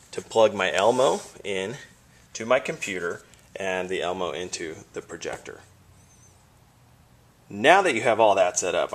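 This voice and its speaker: A male teacher giving a casual how-to demonstration, chatting and thinking aloud as he fiddles with cables while holding the camera himself. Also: fairly low pitch. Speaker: teacher demonstrating classroom tech. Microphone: handheld camera filming himself.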